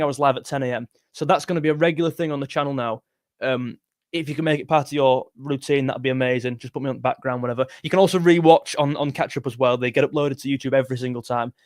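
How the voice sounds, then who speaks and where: A young man hosting a casual fan live stream, excitable and jumpy, talking straight to his chat. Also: on the high side, no echo, studio quality. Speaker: football fan channel host.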